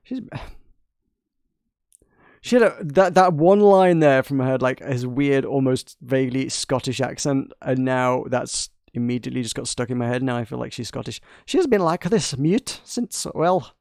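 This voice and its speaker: Brief: male let's-play host, gravelly, slightly high, chatty and amused, dry close mic. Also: steady tone, normal speed, a little mellow, dry recording. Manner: chatty, amused, reads game lines aloud. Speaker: gameplay host. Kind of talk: casual let's-play commentary.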